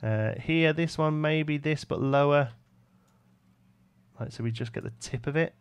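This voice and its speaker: A man with a Brummie accent from the West Midlands, England chats casually on a live stream while he builds, reading viewers' messages aloud and answering them. His voice is fairly high, clear and resonant, a little slow, with no echo.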